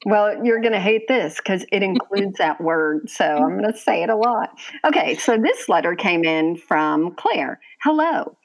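Woman, podcast co-host, casual chat, very slow drawl, wry, mid-pitched. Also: animated. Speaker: podcast co-host reading a listener letter.

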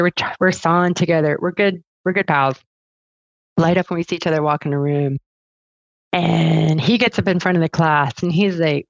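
A middle-aged woman guest on an interview show, chatty and animated, telling stories about chainsaw training and laughing often. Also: on the low side, vocal fry, dry recording. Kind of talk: casual storytelling interview. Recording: dull lo-fi dry sound.

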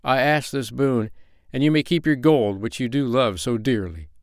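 A man's voice: mid-range voice, moderate pace, no room sound, studio quality, voice pushed up, lightly acted. A man reading the part of a humble, brave peasant father mourning his lost child. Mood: earnest.

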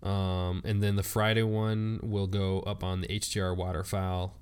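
A man co-hosting a casual podcast, talking about his videos in a relaxed, hesitant way. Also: low voice, moderate pace, smooth. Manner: relaxed, hesitant with many ums. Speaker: podcast co-host, video maker. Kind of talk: casual chat.

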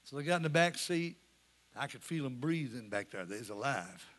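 A man, preaching a sermon and telling stories in a folksy way that rises to shouting. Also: medium pitch, expressive, moderate pace. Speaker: pastor. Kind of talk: sermon with storytelling.

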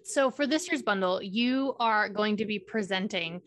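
A woman's voice: medium pitch, moderate pace, a bit bright, slight background noise. A woman hosting an interview, friendly and careful with her pronunciation. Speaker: interviewer host. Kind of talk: casual interview chat.

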